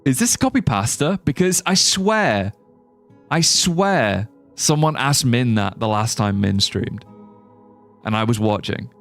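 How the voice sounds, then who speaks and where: A man's voice: mid-range voice, animated, measured pace, soft background music. A man with a British accent, born in Singapore, chatting playfully and joking with viewers while playing a game on a livestream. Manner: playful, jokey, muses aloud, drops into mock accents. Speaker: streamer. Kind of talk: casual livestream chat while gaming.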